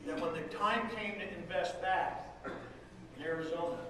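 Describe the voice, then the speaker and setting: Heard from afar in a big echoing hall, a middle-aged state legislative leader delivers a folksy, stirring rally speech. His pitch is fairly high, he speaks at a moderate pace, and there's noise in the background.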